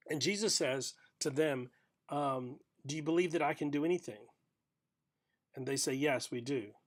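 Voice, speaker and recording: A middle-aged man giving a short, reflective sermon for a video podcast, telling a story gently with pauses. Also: a little high. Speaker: pastor.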